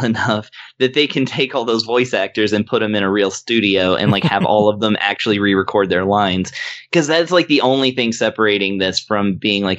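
Low guy rambling about a game he likes, laughs a lot, kinda muffled audio. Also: a bit bright. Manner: rambling, filler-heavy, laughs often. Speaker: podcast co-host reviewing games. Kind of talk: casual chat.

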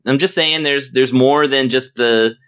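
A man's voice: mid-range voice, unhurried, a bit bright, clear, resonant tone, highs cut off. A man casually reviewing a video game in rambling chat, with lots of fillers and laughter. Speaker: podcast co-host reviewing games.

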